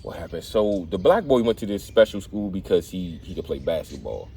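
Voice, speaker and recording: Man, host, casual talk, lowish voice, lively storytelling, faint hiss behind. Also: fairly quick. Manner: animated storyteller, laughs at himself. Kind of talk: casual conversation.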